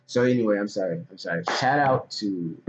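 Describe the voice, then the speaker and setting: A man, vlogging a loose, candid monologue that swings from quiet mumbling to loud animated outbursts. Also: fairly low pitch, fairly quick, highs cut off. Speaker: vlogger recapping a trading day. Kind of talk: rambling monologue to camera.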